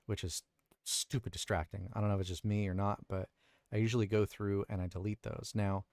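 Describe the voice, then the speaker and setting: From his recording booth, a male voice actor chats casually on a livestream about audio editing, explaining his edits and thinking out loud. His voice sits on the low side, with clean studio quality and no echo.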